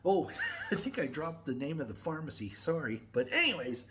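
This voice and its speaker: A man's voice: fairly high pitch, wildly swooping pitch, normal speed, background noise. A middle-aged man ranting to camera on his own channel, profane and rambling. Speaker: metal music YouTuber. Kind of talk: casual to-camera vlog rant.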